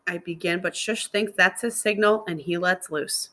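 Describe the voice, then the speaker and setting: A woman, a middle school teacher, reading a novel aloud to her students in a steady narrating voice. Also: on the low side, moderate pace.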